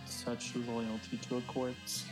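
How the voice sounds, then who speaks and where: A woman voicing a crude, lecherous villain king in a live fan voice-over, mocking and theatrical, recorded from a distant mic over loud game music. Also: extremely low pitch, flat delivery, slow, pitched below the performer's own voice.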